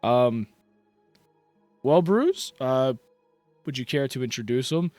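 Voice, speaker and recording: A man doing a smug human adventurer who leads a rival party and calms things down with easy, slightly pompous talk. His voice is only a little lifted above the man's own, recorded dry and close. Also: medium pitch, slow, no room sound, faint music behind. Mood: placating.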